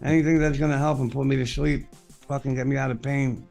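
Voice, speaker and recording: A man's voice: mid-range voice, flat delivery, quick pace, creaky, a little mellow, faint music behind. A man hosting a podcast, chatting casually as a rambling, profane storyteller. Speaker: podcast host. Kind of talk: casual chat.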